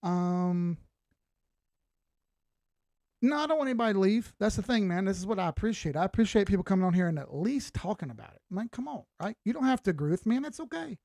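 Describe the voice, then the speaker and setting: A man in his late thirties with a fairly high voice chats casually on a livestream. His delivery is laid-back, blunt and swears freely. The sound is dry and close, with no room echo. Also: expressive, fast, vocal fry, darkish tone. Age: 30s. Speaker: crypto chart analyst and livestream host.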